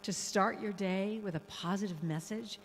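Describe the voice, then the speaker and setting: A woman's voice: medium pitch, moderate pace, slight background noise. Playful woman speaker in a reverberant hall. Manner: playful, animated, breaks into song. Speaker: guest speaker and musician. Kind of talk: lively spiritual talk with singing. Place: church hall.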